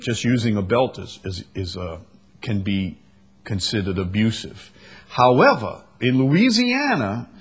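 A man preaching a sermon, animated, acting out scenes with a raised voice and taking questions from the congregation. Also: lowish voice, a little slow, husky. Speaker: pastor.

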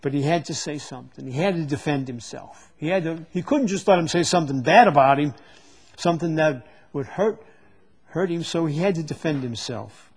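Man, preacher, sermon, somewhat high voice, husky tone, halting, repeats words, live congregation. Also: darkish tone. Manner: halting, often repeats words while searching for them. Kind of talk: sermon, Bible teaching.

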